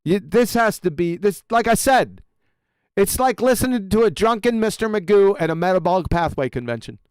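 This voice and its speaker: A man with a high, smooth voice runs a livestream, reacting to a played clip with crude, mocking commentary. He speaks close to a dry microphone and breaks into loud, profane outbursts. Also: expressive, a little fast, dry recording. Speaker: livestream host.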